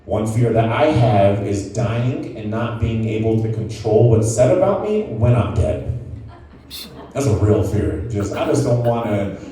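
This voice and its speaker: A man's voice: lowish voice, lively intonation, a little slow, dark tone. A young man doing stand-up, telling a rambling, self-mocking story packed with fillers. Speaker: stand-up comedian. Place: casino stage, live show. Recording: echoey room, mic from a distance.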